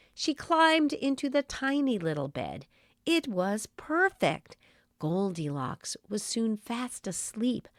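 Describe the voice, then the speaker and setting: A woman reading a children's story aloud in an expressive, animated storytelling manner. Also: medium pitch, no room sound, clean studio sound.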